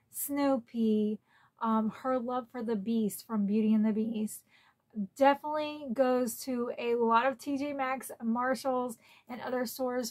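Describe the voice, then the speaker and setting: Chatty emotional woman vlogger, slightly high. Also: a little mellow. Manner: chatty and emotional, tearful at times. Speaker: collector channel host. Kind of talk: casual unboxing vlog. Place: at home.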